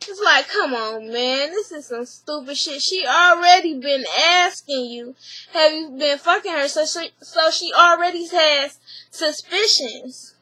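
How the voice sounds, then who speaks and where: A woman vlogger recapping a reality TV episode in casual, animated, profane talk, retelling scenes in quoted voices, recorded in a small room at home. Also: sits high, unhurried, no echo.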